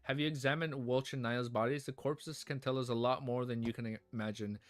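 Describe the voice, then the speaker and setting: A man reading the lines of a brisk, stern male captain in a novel, in his own plain voice. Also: mid-range voice, steady tone, natural voice. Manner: brisk, terse.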